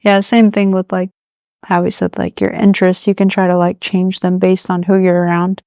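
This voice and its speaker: A woman's voice: on the low side, completely flat delivery, normal speed, creaky, mellow, clear, resonant tone, no echo, studio quality. A young woman, a podcast co-host, chatting casually and reflectively, hedging with fillers. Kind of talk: casual chat.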